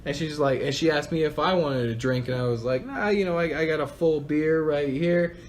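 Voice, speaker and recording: A man's voice: on the high side, steady tone, normal speed. Young man telling a crude bar story. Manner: laughs often while telling a story, crude joking. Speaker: podcast co-host. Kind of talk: casual storytelling chat. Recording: faint background noise.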